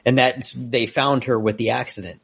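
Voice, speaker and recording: A man in a casual podcast chat, talking in a rambling way with halting restarts, recorded close to the mic. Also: mid-range voice, fairly even intonation, vocal fry, a bit bright, breathy edge. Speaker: podcast co-host.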